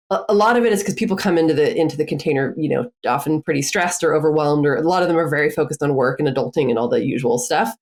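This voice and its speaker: A woman who works as a coach, chatting casually as a podcast guest, with frequent filler words and easy laughter. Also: on the low side. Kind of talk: casual conversational interview.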